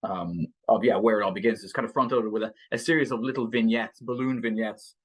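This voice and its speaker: A man's voice: on the low side, steady tone, brisk, breathy edge. A man co-hosting a book podcast in casual chat, chuckling often and stopping to restart his sentences. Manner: chuckling, many fillers and restarts. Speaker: podcast co-host.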